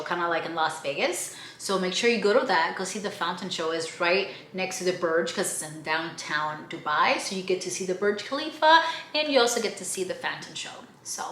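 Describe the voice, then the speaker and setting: A young woman vlogging casually about her trip, chatty and animated, swearing offhand and acting out the people she met. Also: mid-range voice. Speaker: travel vlogger. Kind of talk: casual travel vlog. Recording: echoey room.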